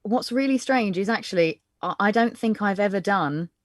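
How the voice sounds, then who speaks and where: A woman's voice: medium pitch, animated, moderate pace, no echo, clean studio sound. A woman actor from South Essex who speaks in a trained Received Pronunciation accent, chatting in a polished, self-mocking way on a video call. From South Essex, England. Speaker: actor and guest. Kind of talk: casual chat.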